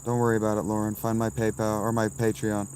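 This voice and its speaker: A man in his thirties with a lowish voice fires off short, blunt answers to his live chat, often brushing people off. He streams from a campsite outdoors, with faint insects and crickets humming behind him. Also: completely flat delivery, a little mellow, a little hiss or hum. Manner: blunt, dismissive quick answers.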